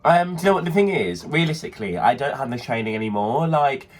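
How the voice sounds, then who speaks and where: A man's voice: mid-range voice, expressive, fast talker. A young man co-hosting a podcast in camp, chatty banter. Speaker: podcast co-host. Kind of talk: casual chat.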